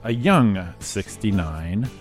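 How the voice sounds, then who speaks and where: A man's voice: lowish voice, animated, slow pace, faint music behind. A man co-hosting a casual morning show, wisecracking as he reads out celebrity birthdays. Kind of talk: casual radio banter.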